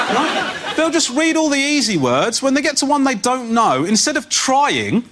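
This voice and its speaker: A male comedian on a panel show, ranting in exasperated bursts that rise to indignant shouts. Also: very high-pitched, sing-song, slow pace, slight background noise. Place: TV studio with live audience.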